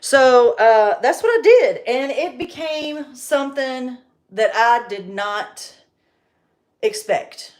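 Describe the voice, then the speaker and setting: A chatty woman from North Carolina talks to her viewers on a livestream, her easy and relaxed. Her voice sits a little high, and she tells her stories in an animated way and laughs easily. She sounds like she is in her forties. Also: slow pace. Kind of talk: casual livestream chat.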